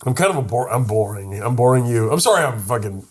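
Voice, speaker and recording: Husky young man joking around. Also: mid-range voice, fast talker. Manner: joking, deadpan mock-serious storytelling. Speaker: podcast co-host. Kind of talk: casual comedic chat.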